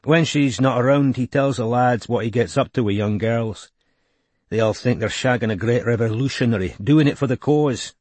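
A man's voice: mid-range voice, normal speed, a little mellow, no room sound, lightly acted. A man reading an audiobook voices a blunt, crude-humoured man.

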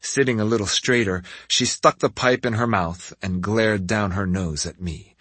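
A man with a husky voice narrating a story in the first person, measured and expressive. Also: fairly low pitch, no room sound. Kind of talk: scripted audiobook narration.

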